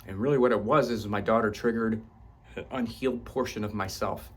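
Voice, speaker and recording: A man's voice: lowish voice, steady tone, fairly quick, slightly rough. A man, 38 or older, speaks in a passionate motivational monologue about his own growth. He swears for emphasis, and his voice climbs as he grows fervent. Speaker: self-help vlogger.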